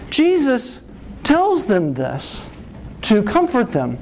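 A middle-aged man preaching a sermon, telling a story with lively rises and falls and often asking "right?". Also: high-pitched, moderate pace, slight background noise. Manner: animated storytelling, asks "right?".

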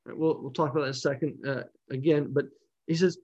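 A man with a slightly high voice teaches a Bible study, talking through a passage in a loose, conversational way. He restarts phrases and checks in with the listeners. The recording sounds dull and lo-fi. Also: steady tone, fast, darkish tone. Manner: explains in an unscripted, conversational way, with restarts and "right?".

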